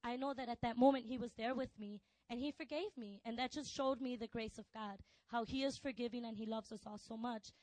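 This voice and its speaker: A woman telling a personal testimony, soft and hesitant with many fillers, turning intense. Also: a little high, fairly even intonation, brisk, few pauses, no room sound, poor audio. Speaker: testimony speaker.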